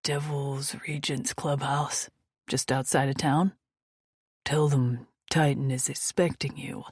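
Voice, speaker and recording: A woman's voice: a bass voice, steady tone, slow, a little mellow, breathy edge, no echo, clean studio sound, heavily acted. A woman voicing a charming biker with a slight Italian accent. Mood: courteous.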